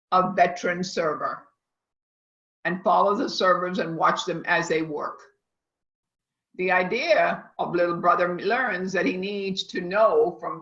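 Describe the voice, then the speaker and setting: The recording, dull and echoey with a lo-fi quality, captures a culinary instructor lecturing a class via video call. She has a lowish, fairly bright voice and speaks in an emphatic, wandering, teacherly way.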